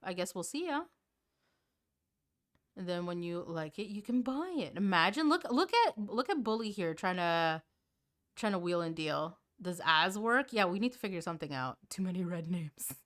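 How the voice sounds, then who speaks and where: A woman's voice: fairly low pitch, lively intonation, normal speed, a bit bright. A woman streamer chatting casually and playfully with her viewers. She sounds a little tired and often repeats words as she restarts.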